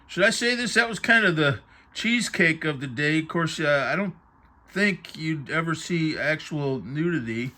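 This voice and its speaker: A man's voice: on the high side, expressive, normal speed, pushed and bright. A man reviewing a book on vintage TV in casual commentary, chatty and musing aloud as his thoughts drift. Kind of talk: casual commentary while paging through a book.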